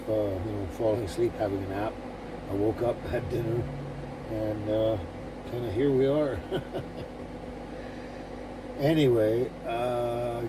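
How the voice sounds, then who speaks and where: A man talking casually to camera, rambling with many fillers and restarts. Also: mid-range voice. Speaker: vlogger. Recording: distant mic with background noise.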